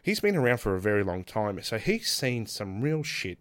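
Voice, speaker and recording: Animated man telling wrestling stories. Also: on the low side, normal speed, clear, resonant tone. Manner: animated, laughs often, acts out quotes. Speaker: guest pro wrestler. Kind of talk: casual podcast storytelling.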